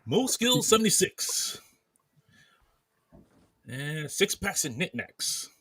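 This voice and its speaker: A man's voice: a little high, sing-song, slow pace, fairly bright tone. A man hosting a casual podcast chat, reading off viewer names in a running list. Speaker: podcast host. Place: at home in bed, wearing headphones.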